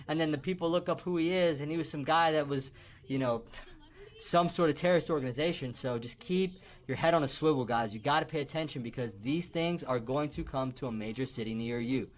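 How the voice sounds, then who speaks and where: A man giving casual, slangy reaction commentary with a warning tone. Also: fairly high pitch.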